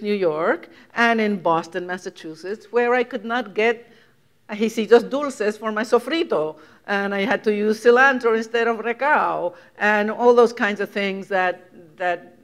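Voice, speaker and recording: Older woman from Puerto Rico, lecture guest, reflective and chatty, laughs often, mid-pitched. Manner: reflective, laughs often, many restarts and fillers. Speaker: guest author giving a lecture. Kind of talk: conversational lecture.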